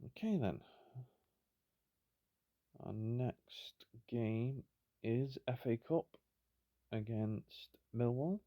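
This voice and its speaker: A man's voice: mid-range voice, extremely slow, pauses often, dry recording, lo-fi sound. A tired man giving rambling, self-deprecating commentary on a football management game. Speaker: gaming YouTuber. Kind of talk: casual gameplay commentary.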